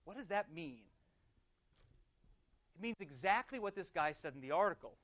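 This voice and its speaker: A man, a pastor, teaches a Bible class in a lively, conversational way, putting questions to the group and slowing down to read prayers aloud. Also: high-pitched. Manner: lively, conversational, asks questions and answers them. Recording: dull lo-fi recording.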